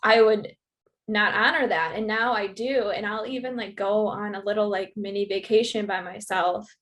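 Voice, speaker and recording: A woman's voice: mid-range voice, fairly even intonation, a bit bright. Woman, podcast guest, casual chat, hesitant, lots of filler words, mid-range voice. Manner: halting, full of "like" and "um". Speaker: podcast guest, retreat host. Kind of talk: casual conversation.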